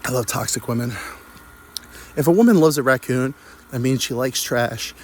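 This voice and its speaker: A man's voice: medium pitch, moderate pace. A young man hosting a comedy podcast, telling a crude, self-mocking story full of digressions. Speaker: podcast host. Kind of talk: rambling comic storytelling.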